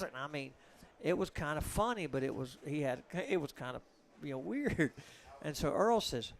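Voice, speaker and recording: A man's voice: a little high, animated, normal speed. A man, commentating pool in a booth and joking through long stories. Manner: chatty, joking storyteller.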